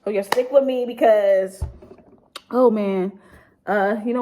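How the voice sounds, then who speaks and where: A young woman's slightly high, mellow voice holds a steady tone and takes things slowly. Grieving and subdued, this YouTuber shares an emotional storytime vlog with her viewers, rambling, leaning hard on "like," and speaking bluntly with profanity.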